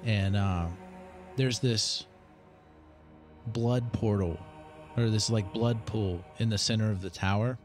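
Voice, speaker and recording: Slow, halting game master man. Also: fairly low pitch, fairly even intonation, faint music behind. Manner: hesitant, halting with fillers. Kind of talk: narrating a tabletop game.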